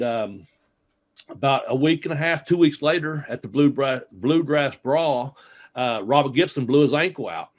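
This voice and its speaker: A man's voice: medium pitch, highs cut off. Man telling rambling wrestling stories. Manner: rambling anecdotes with many fillers and quoted dialogue. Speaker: interview guest, former wrestler. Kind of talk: casual storytelling.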